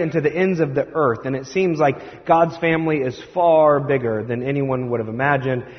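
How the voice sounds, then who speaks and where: A man pastor giving a conversational sermon, telling stories and acting out what people said. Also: a little high. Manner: conversational storytelling, animated quoting. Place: church sanctuary. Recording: dull sound with long hall reverb.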